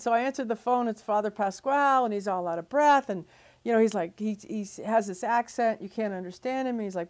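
A middle-aged woman, a photographer telling her story in an interview, animated and full of fillers and restarts. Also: fairly high pitch, fairly quick. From Louisiana.

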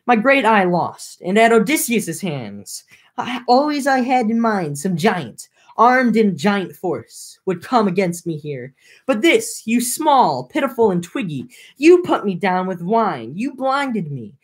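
A woman's voice: measured pace, breathy edge. A woman voicing a blinded, vengeful one-eyed giant in an amateur read-aloud of an epic. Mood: mournful. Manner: read aloud with plain lively pitch.

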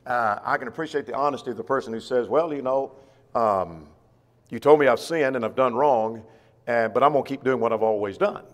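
Man teaching a Bible class in a reverberant church. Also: medium pitch. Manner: reads scripture slowly and emphatically, then explains conversationally.

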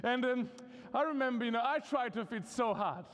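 Here a guest preacher from Serbia speaks with an extremely high, expressive, slightly bright voice at normal speed. In a Serbian accent he gives a light, humorous, filler-heavy sermon during a university vespers service, with the chapel hall's long reverb audible throughout.

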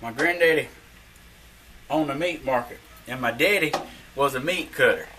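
A man's voice: mid-range voice, normal speed, pushed and bright, a little hiss or hum, poor audio. A man with a Southern US accent, chatting folksy to the camera in a cooking vlog. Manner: folksy, drawling, talks to camera. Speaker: cooking vlogger. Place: outdoors.

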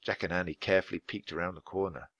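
A man reading a children's book aloud at a clear, natural pace for language learners. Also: low voice, steady tone, fairly bright tone, no room sound, muffled recording. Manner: clear, deliberate storytelling for learners. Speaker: audiobook reader.

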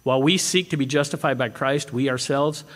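A man preaching a sermon as pastor, animated and swinging between emphatic points and hushed moments. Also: mid-range voice, fairly quick. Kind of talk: expository sermon. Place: church sanctuary. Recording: long hall reverb.

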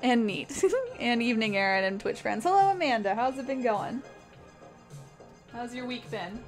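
A woman's voice: fairly high pitch, animated, normal speed, faint music behind. A young woman from Canada chatting casually with her live-stream audience as she paints, reading messages aloud and laughing often. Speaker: art streamer.

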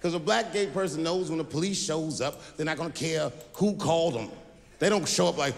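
A man performing stand-up comedy, telling stories with animated delivery and acting out voices. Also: fairly high pitch, a little fast, gravelly, background noise. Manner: animated storytelling, acts out voices. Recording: stand-up special in a large hall with audience.

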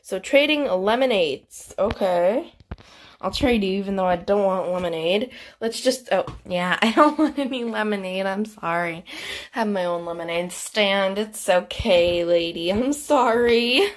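A woman's voice: medium pitch, measured pace. A woman hosting a gaming channel, chatting casually over gameplay in a bubbly, giggly way with frequent exclamations.

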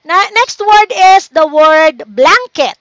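A woman's voice: sits high, expressive, takes it slowly, background noise. A young woman teacher with a Filipino accent, leading a livestreamed grade-school lesson in a patient, encouraging way and mixing English with Tagalog. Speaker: online teacher.

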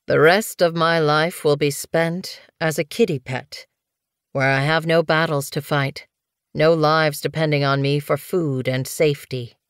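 A woman voicing a tired male cat leader who speaks in a calm, formal way. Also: deep voice, unhurried, smooth, no echo, clean studio sound. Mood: solemn. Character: weary male cat clan leader, resigned.

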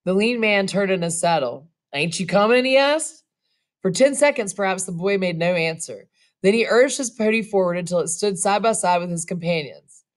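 A woman's voice: fairly low pitch, a little fast. A woman narrating a western short story aloud, breaking off for casual asides. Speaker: reader and narrator.

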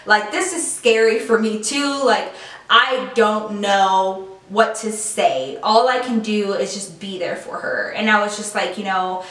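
A woman's voice: mid-range voice, unhurried, a bit bright. A woman chatting to her viewers as she tells a personal story, full of "like" and "you know" fillers. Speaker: YouTube storyteller. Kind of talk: casual storytime monologue. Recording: echoey room, mic at a distance.

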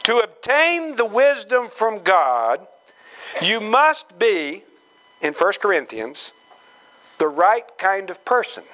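A man preaching a sermon, slow and emphatic, acting out quoted voices with dramatic swings in pitch. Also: very animated, sharp tone, low-quality recording. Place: church gathering hall.

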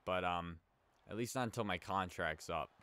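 Low smooth-voiced man commentating a game. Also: moderate pace, pushed and bright. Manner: chatty, rambling, reacts to plays. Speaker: let's play host. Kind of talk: casual gameplay commentary.

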